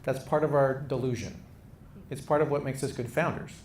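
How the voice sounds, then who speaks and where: A man's voice: mid-range voice, normal speed, a little mellow, a little hiss or hum. A man mentoring startup founders in a casual, conversational talk to a live audience, with frequent restarts.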